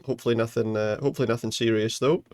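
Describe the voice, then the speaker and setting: A man chatting in a relaxed, rambling way as he streams a video game. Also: mid-range voice, racing. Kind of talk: casual let's play commentary.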